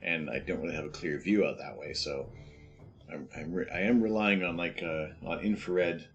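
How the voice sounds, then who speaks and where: A man's voice: sits low, normal speed, creaky, lo-fi sound, faint music behind. A Canadian man streaming live, chatting casually and answering viewer questions as they come in. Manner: relaxed, reads viewer questions aloud and answers them.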